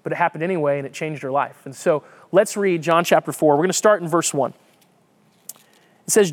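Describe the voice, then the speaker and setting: Guy preaching, kinda higher voice, chatty and lively, repeats himself a lot. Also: fairly quick. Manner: lively, conversational, repeats words while thinking. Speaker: pastor. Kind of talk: sermon with Bible reading.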